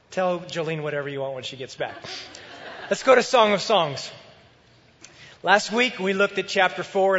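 A man preaching a sermon as pastor, in a conversational, animated way. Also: fairly high pitch, big-room sound, lo-fi sound.

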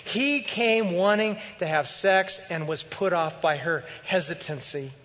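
A man preaching a sermon as pastor, in a conversational, animated way. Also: high-pitched, a little slow, long reverb tail, lo-fi sound.

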